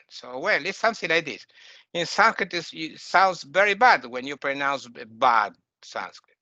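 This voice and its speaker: Male lecturer who drills pronunciation slowly and emphatically; bright voice, dull dry lo-fi sound. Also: on the high side, lively intonation, dry recording. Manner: emphatic, repeats and corrects words. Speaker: teacher. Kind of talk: lecture on Sanskrit texts. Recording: dull lo-fi recording.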